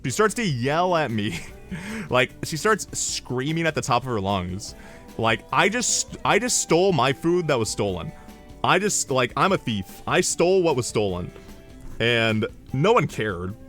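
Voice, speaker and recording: A young man tells stories on a livestream, animated and profane, wandering into side tangents. His pitch sits in a middling range, with faint music behind him. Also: a little slow. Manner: animated, profane, rambling asides. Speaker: streamer. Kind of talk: casual storytelling on a livestream.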